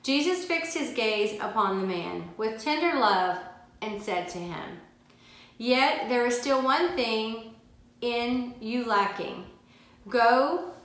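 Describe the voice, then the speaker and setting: A woman's voice: fairly high pitch, a bit bright. Emphatic woman teaching Bible study, echoey room. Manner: emphatic, repeats key phrases, reads scripture slowly.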